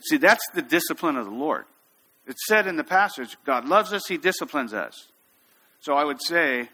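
A man preaching a sermon, telling a story with lively, acted-out quotes. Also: medium pitch, fairly quick. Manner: storytelling, animated, acts out quotes. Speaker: pastor.

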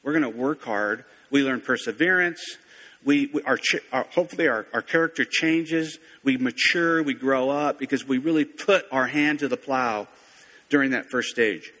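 A man's voice: medium pitch, normal speed, pushed and bright. A man preaching a sermon in a conversational, folksy way, often correcting himself mid-sentence. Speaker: pastor. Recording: long reverb of a large hall.

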